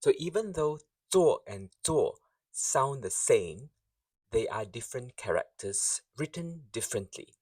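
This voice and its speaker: A man's voice: medium pitch, very animated, a little slow, darkish tone, dry recording, distant mic, poor audio. A man teaching a beginner language lesson, speaking carefully and repeating each phrase so learners can follow.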